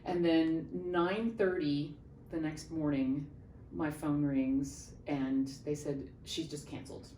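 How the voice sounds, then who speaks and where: Middle-aged woman, opera singer guest, lively storyteller, lowish voice, roomy echo, mic set back. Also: slow. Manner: animated anecdote-telling, acting out quoted voices. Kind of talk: casual interview storytelling. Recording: roomy, distant mic, faint background noise.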